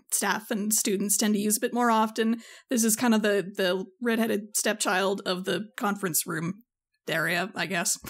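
A woman narrating a tabletop game as game master, chatty and laughing often. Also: mid-range voice.

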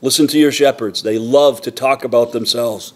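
A man's voice: medium pitch, fairly even intonation, moderate pace. Earnest man preaching a sermon. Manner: earnest, repetitive emphatic preaching. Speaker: pastor. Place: church sanctuary.

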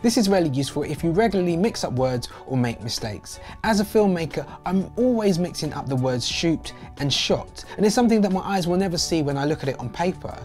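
A man's voice: fairly high pitch, lively intonation, fairly quick, few pauses, darkish tone, soft background music. A man hosting and explaining in an upbeat tutorial voice-over. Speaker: host.

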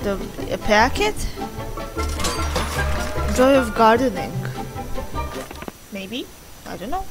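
Young woman game commentator; high-ish voice, unhurried, loose and rambling, with music playing behind her. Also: very animated, low-quality recording. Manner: rambling, swearing, hesitant over words. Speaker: gameplay commentator.

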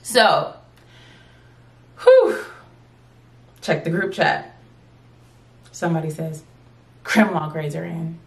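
A woman in her late twenties telling a storytime vlog to her viewers, in a lively, chatty way that keeps calling out to them. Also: low-pitched, measured pace, creaky, pauses often. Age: 20s. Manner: animated, chatty, addresses viewers as y'all. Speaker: vlogger.

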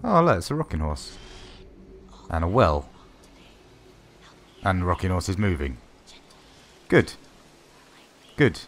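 A man giving wry, sarcastic let's-play commentary while playing a horror game, swearing often and yelling when startled. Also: low-pitched, big pitch swings, slow pace, long pauses, a little hiss or hum. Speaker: gaming video host.

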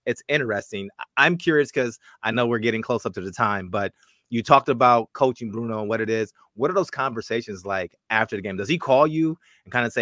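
A man's voice: mid-range voice, fast talker, a bit bright, no room sound, studio quality. A man co-hosting a casual interview, asking loose, rambling questions in a conversational way. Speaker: co-host.

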